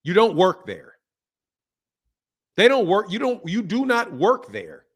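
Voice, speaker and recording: A man's voice: sits high, huge pitch swings, unhurried, breathy edge. A man hosting a boxing channel, ranting to his viewers in a heated, profane way, repeating his points over and over and reading out viewer comments. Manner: heated, profane, hammering repetition; reads viewer comments aloud.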